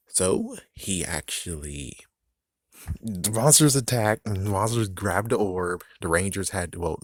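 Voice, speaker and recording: Low-voiced man rambling through a review. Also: no echo, clean studio sound. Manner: rambling, chuckling often, full of "it's like" asides. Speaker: TV episode reviewer. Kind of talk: casual spoken episode review.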